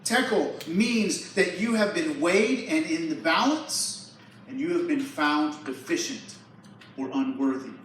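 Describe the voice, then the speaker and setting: A man's voice: fairly high pitch, a little slow, recorded from a distance, slight background noise. Man preaching casually in an echoey hall. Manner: casual storytelling, lively retelling. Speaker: youth pastor. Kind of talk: sermon. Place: church hall.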